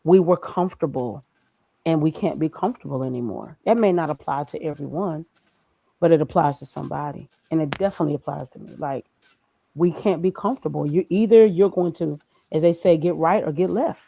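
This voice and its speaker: A woman's voice: deep voice, a little fast, gravelly, warm tone, husky, no room sound, rough recording. A woman speaking as a guest in a conversational interview, emphatic and preachy, firing off rhetorical questions. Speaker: graphic designer and guest.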